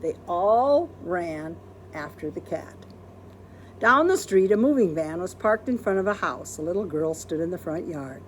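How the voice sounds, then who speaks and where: A woman librarian reading a children's storybook aloud in a gentle, expressive storytelling manner. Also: on the low side, unhurried, slight background noise.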